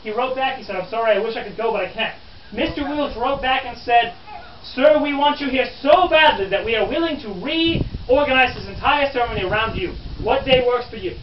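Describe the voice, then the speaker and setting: An expressive, brisk, very high-pitched man performs as an 1860s newspaperman in a living history talk to visitors at an outdoor historic park. Theatrical and mocking, he lectures scornfully and addresses the crowd as "friends." Distant, roomy, dull camera audio carries slight background noise.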